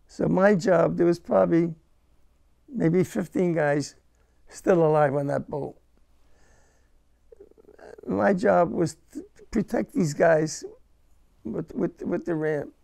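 Older man, veteran interviewee; high for a man, heavy gravel, emotional and halting. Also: dark tone. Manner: halting, repeats words, emotional. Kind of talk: first-person war recollection.

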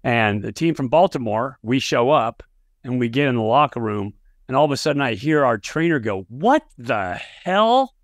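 A man with a mid-range voice, talking a little fast with no room sound, hosts a sports podcast and interviews a coach. As host and analyst he keeps the casual conversation chatty, full of anecdotes, and grows animated whenever he tells a tale.

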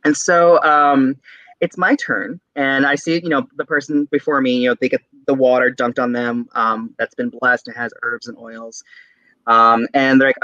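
Brief: young adult man, interview guest, bright tense voice, lively storyteller who laughs and mimics, slightly muffled dry audio. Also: medium pitch, normal speed, no room sound. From San Diego, California. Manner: animated storyteller, acts out voices, laughs often. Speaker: guest, tarot reader.

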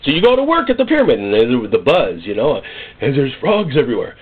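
A male pastor preaching a sermon in an animated, storytelling way, with jokes and acted-out scenes. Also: fairly high pitch, brisk, husky. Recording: tinny phone-like sound.

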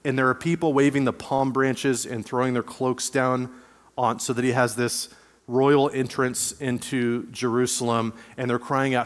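A man's voice: medium pitch, steady tone, moderate pace. A man preaching a sermon as pastor, speaking conversationally and reading scripture aloud. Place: church sanctuary. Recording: long church hall reverb.

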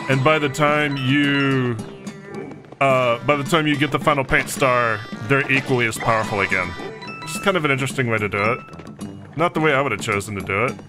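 A man from Texas giving casual, joking gameplay commentary with chatty, self-mocking asides. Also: mid-range voice. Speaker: let's play host.

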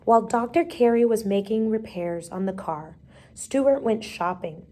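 A woman reads a storybook chapter aloud at a steady, measured pace. Her voice sits a little higher than most. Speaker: reader.

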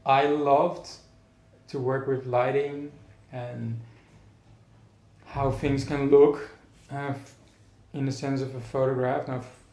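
Musing in an echoey room, this Dutch artist guest has a mid-range, slightly mellow voice. The casual interview conversation finds him thoughtful but halting, his speech full of restarts and fillers.

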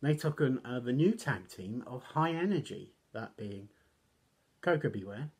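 A man talks loosely through a wrestling recap, circling back with fillers and poking fun at himself. His voice is husky and breathy, at a middling pitch, with occasional coughs. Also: lively intonation, measured pace. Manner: rambling, self-deprecating, coughs often. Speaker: wrestling reviewer. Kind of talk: casual recap.

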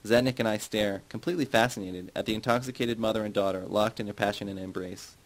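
Low-voiced man reading a novel aloud. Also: steady tone, fast talker, low-quality recording. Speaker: audiobook reader. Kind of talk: audiobook narration of a novel.

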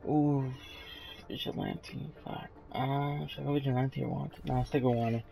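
A tired young man giving casual, low-key gameplay commentary into a headset mic, trailing off with fillers. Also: fairly even intonation, moderate pace, gravelly, mellow, faint music behind. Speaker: gaming YouTuber. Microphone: gaming headset mic.

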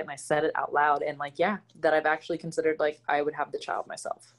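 A woman speaking as an interview guest in a casual conversation, candid and expressive as she tells personal stories. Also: deep voice, fast talker, few pauses. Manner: candid and expressive, animated storytelling.

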